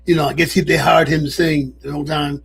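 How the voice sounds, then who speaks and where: A man's voice: on the high side, little pitch movement, quick pace, vocal fry, fairly bright tone, a little hiss or hum. A man co-hosting a casual radio chat show from a studio, telling stories with easy laughter. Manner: laughing storyteller. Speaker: co-host.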